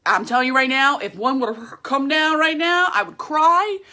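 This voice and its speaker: A woman hosts her own podcast with a bright, ringing voice. She talks in a chatty, emphatic way, piling on slang as she gives a pep talk. She speaks straight to the camera. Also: high-pitched, steady tone, moderate pace. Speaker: podcast host. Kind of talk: casual motivational monologue. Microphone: camera, speaking to viewers.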